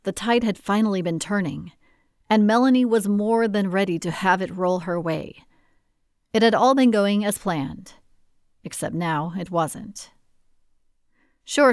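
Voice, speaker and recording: A woman narrating a novel in an expressive, measured storytelling manner. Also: on the low side, no room sound, studio quality. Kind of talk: audiobook narration.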